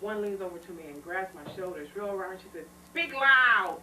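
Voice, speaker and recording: A woman speaking to a small audience, telling anecdotes with feeling and frequent laughter. She sounds far from the mic in an echoey room. A steady background noise sits under her voice. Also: on the low side, fast talker. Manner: chatty, emotional storytelling, laughs often. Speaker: speaker on children's literature. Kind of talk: informal talk to a small audience. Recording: echoey room recorded from afar, noisy.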